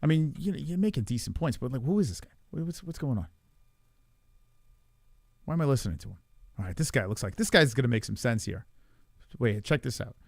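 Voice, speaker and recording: A man's voice: medium pitch, expressive, fairly quick, gravelly, pauses often, dry recording, clean studio sound. A man streaming live, reacting to clips with incredulous, swearing asides.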